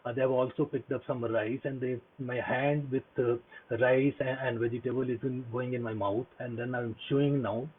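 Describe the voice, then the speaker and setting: A man's voice: medium pitch, steady tone, normal speed, slight background noise. A man giving an earnest motivational talk on mindfulness, repeating himself with many fillers and restarts. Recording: husky voice over a tinny phone-like line.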